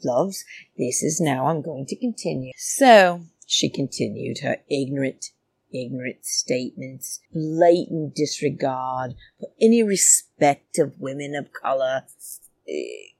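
A woman's voice: rumbling low, sing-song, slow pace, vocal fry, a little mellow, slightly rough, no room sound. A woman ranting heatedly to her listeners, swearing and calling them darlings. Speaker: podcast or vlog host. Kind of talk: casual rant. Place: flat in a big city.

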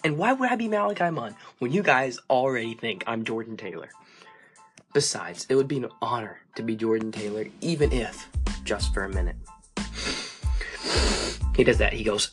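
A man's voice: medium pitch, animated, a bit bright, faint music behind. A young man hosting a fan podcast in a casual, playful, joking way. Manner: playful, joking, quick asides.

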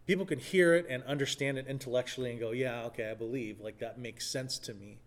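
In a casual church talk, a man speaks earnestly and thinks aloud with many fillers. His voice is mid-range and his pace is quick.

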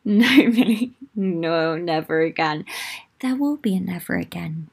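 A woman's voice: on the low side, animated, measured pace, gravelly, slightly rough. A young woman hosting her own podcast, talking casually in a sassy, chatty way with swearing and playful asides. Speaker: podcast host. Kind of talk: casual solo podcast talk.

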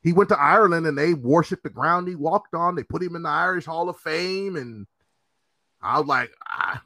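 A man co-hosting a podcast in casual chat, animated and swearing, often acting out what people said. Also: a little high, moderate pace, no room sound. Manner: animated, swearing, acts out quotes. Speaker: podcast co-host.

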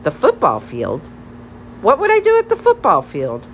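A woman reading an audiobook, voicing a shy, embarrassed teenage girl who answers quietly and doggedly. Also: lowish voice, big pitch swings, unhurried, a little hiss or hum. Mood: flustered.

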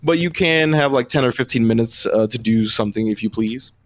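A man's voice: medium pitch, fairly quick. A man running a tabletop game as game master, narrating loosely with lots of fillers.

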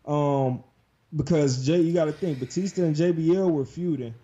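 A man's voice: a little high, normal speed, dark tone. A man in his twenties from Detroit, a game developer chatting casually and rambling with many fillers. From Detroit, USA. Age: 20s. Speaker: podcast guest and game developer. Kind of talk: casual chat. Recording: dull lo-fi sound.

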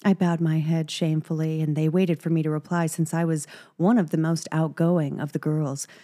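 A woman's voice: sits low, little pitch movement, moderate pace, dark tone. A middle-aged woman from Texas, hosting a podcast and telling a personal story in an intimate, giggly way, often dropping into whispers. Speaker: podcast host.

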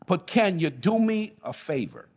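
A man's voice: high-pitched, very animated, unhurried, a little mellow, voice pushed down, heavily acted. A man voicing an imprisoned man who urgently and repeatedly pleads to be remembered. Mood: insistent. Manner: urgent, insistent repetition.

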